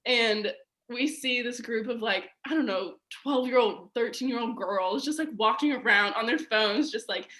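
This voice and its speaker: A woman's voice: a little high, normal speed, fairly bright tone, roomy sound. A young woman, a podcast guest, telling a personal story in a chatty, casual way, peppering her speech with "like".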